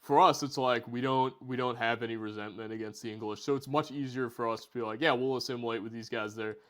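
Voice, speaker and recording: A man chatting as a podcast guest, relaxed and conversational as he explains his view. His voice sits at an everyday middle pitch. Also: fast.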